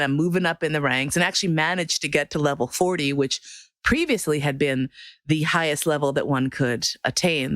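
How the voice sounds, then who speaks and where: A woman's voice: no echo, clean studio sound. A woman telling a personal story in a casual monologue, acting out the people she quotes and swearing now and then. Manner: animated, swears freely, acts out quoted voices with big pitch jumps. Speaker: podcast host telling a story.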